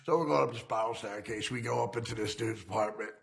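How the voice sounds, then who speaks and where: A man's voice: mid-range voice, quick pace, vocal fry, a bit bright. A man casually telling a rambling, profane story about his criminal past, laughing now and then.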